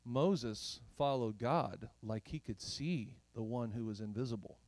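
A man's voice: mid-range voice, unhurried, no room sound. Emphatic man preaching a sermon. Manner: emphatic and rhetorical, swings from loud questions to hushed whispers. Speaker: pastor.

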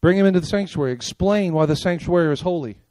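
An older man preaching a sermon as pastor, emphatic, firing rhetorical questions and asking the congregation if they are with him, swinging from loud punchy lines to quiet low ones. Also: fast, no room sound. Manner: emphatic, rhetorical questions and call-and-response checks.

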